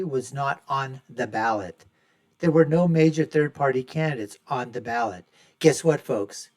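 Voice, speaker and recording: A man hosting his own show, giving emphatic, opinionated solo commentary and repeatedly calling his listeners folks. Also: fairly high pitch. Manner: repeats phrases for punch, swings loud and soft. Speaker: show host.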